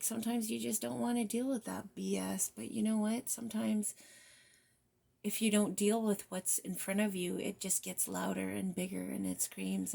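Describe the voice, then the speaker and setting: A woman giving a spiritual guidance card reading, soft and reflective, often slipping into near-whispers and casual, mildly profane phrasing. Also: medium pitch, gravelly. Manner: casual, with mild swearing. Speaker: tarot reader.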